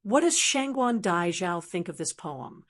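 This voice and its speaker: A woman's voice: fairly low pitch, very animated, measured pace, fairly bright tone. A woman voicing a genial elderly male court scholar in his sixties, in an audiobook reading. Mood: pleased. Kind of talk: audiobook narration.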